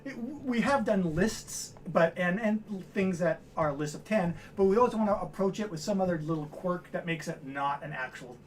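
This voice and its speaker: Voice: medium pitch, expressive, moderate pace, hardly any pauses, noisy background. A livestream host of a board game show, chatting casually and rambling with frequent self-corrections. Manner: says their voice turns nasal on camera.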